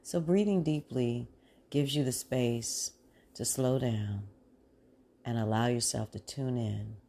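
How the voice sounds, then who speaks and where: This is a woman hosting a mindfulness podcast who talks listeners through stillness and deep breaths. Her voice is mellow, with a gravelly edge. She speaks in a relaxed, homey way, with a touch. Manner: calm, slow guiding voice; casual, says "y'all". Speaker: podcast host and mindfulness coach. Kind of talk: guided breathing meditation.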